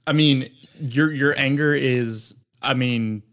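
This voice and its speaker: A man's voice: medium pitch, slow. Rambling easygoing podcast man. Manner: relaxed, rambling, filler-heavy. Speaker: podcast co-host. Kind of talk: casual chat.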